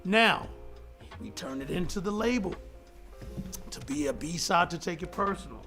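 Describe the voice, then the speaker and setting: A man's voice: high-pitched, animated, normal speed, pushed and bright, soft background music. A middle-aged man telling a studio story in an interview clip, acting out quotes in a raised voice and laughing often. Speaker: hip-hop producer telling a studio story.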